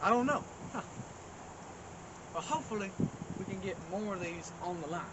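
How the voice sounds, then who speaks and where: Man, high voice, folksy deadpan comic host, loud noise behind. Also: normal speed. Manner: rambling, folksy, mock-boastful. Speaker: comedy show host. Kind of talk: deadpan comedic monologue. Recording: loud outdoor background noise.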